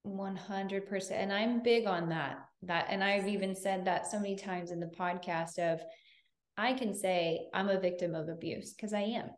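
A woman's voice: medium pitch, moderate pace. A woman hosting a podcast, speaking earnestly and reflectively in casual conversation. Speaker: podcast host. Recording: roomy echo.

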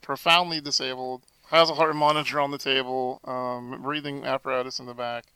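A man guest on a podcast telling a story in a casual, animated way, acting out the dialogue as he goes. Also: mid-range voice, brisk, smooth, poor audio. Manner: animated, acts out quoted dialogue.

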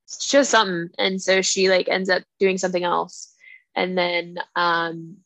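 Woman cohosting a book podcast, kinda gravelly, dry mic, gets all emotional telling the plot. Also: on the low side, level tone, a little slow, a bit bright, dry recording. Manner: emotional, retells the plot with little quoted voices. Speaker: podcast co-host. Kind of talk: casual book chat.

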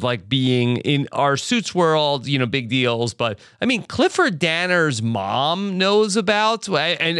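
A man co-hosting a TV recap podcast, talking in a relaxed, halting way with many fillers. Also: on the high side, smooth, no room sound, clean studio sound. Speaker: podcast co-host.

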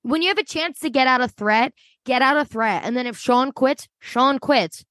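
Woman co-host, slightly high voice, slangy and emphatic, dry studio sound. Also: normal speed, fairly bright tone, dry recording. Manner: chatty, emphatic, uses slang, swears. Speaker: podcast co-host. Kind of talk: casual chat.

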